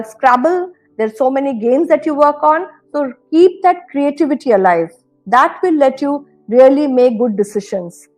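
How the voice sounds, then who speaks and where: A woman with an Indian English accent lectures students in an earnest, advisory tone, her voice sitting high. She leans on key phrases and repeats them for emphasis. Faint music plays softly underneath. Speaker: university administrator giving a talk. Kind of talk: motivational career lecture.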